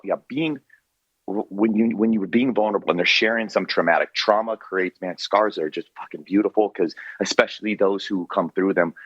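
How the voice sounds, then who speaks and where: A man's voice: low voice, breathy edge, dry recording, muffled recording. A man who is a podcast guest, talking in a rambling, loose way and swearing freely in casual chat.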